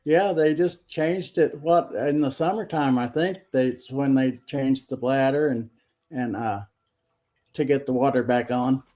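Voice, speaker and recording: A man joining a livestream panel as a guest, teasing and talking in halting restarts. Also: medium pitch, dark tone. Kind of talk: casual livestream banter.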